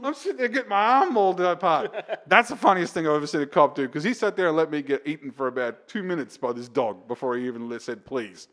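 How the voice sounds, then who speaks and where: A man, a comedian guest on a casual podcast, telling a profane story that climbs to loud, excited retelling. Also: a little high, fast talker, hardly any pauses.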